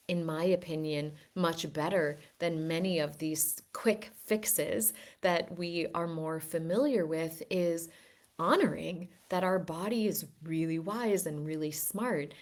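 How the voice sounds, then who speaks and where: A woman giving an earnest, gently persuasive wellness talk to her group, with frequent restarts. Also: low-pitched. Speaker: wellness teacher. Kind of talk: reflective teaching talk.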